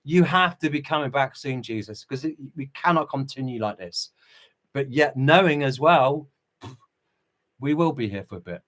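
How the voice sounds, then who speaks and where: This middle-aged man hosts a casual livestream at normal speed, his mid-range voice animated and a bit bright. Between greetings to the chat, he preaches passionately and preachily, with little chuckles between remarks.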